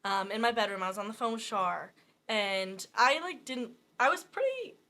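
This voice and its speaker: A young woman, a college athlete guest, telling stories in an animated way with many fillers. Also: on the high side, normal speed. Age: young adult. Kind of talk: casual interview chat.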